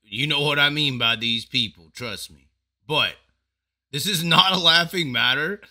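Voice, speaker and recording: A man hosting a casual racing commentary, animated and profane, with laughing asides. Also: a little high, measured pace. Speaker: racing show host.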